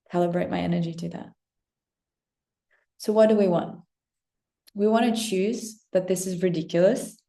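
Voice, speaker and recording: A woman's voice: lowish voice, gravelly, dark tone, reverberant. A young woman coach giving a passionate, blunt motivational talk straight to her audience, swearing freely. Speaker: self-help coach. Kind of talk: direct-to-camera motivational talk.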